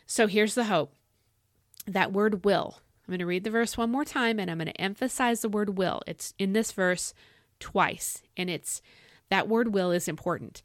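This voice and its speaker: A woman talks through a devotional podcast in a mid-range voice, earnest and encouraging as she puts questions straight to the listener. She leaps to bright emphatic highs and then drops to soft low asides, and her voice is slightly dry and cracking from thirst. The sound is close and dry, with no room around it. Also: lively intonation, normal speed, dry recording. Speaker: podcast host.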